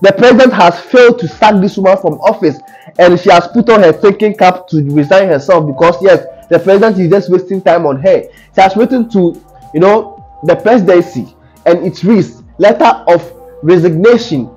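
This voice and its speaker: A man's voice: sits high, moderate pace, a little mellow, husky. A man with a Ghanaian accent giving casual news commentary, indignant and full of rhetorical questions. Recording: dull lo-fi audio with faint music.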